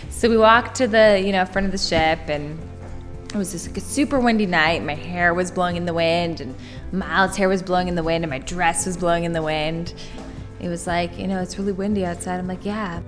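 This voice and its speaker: Lowish-voiced young woman telling a story. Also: fairly even intonation, fairly quick. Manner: chatty, full of "like", giggly asides. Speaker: interviewee. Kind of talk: casual storytelling. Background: music.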